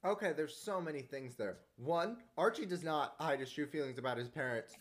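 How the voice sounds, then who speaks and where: Male podcast co-host, mid pitch, animated teasing banter. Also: brisk. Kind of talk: casual podcast chat.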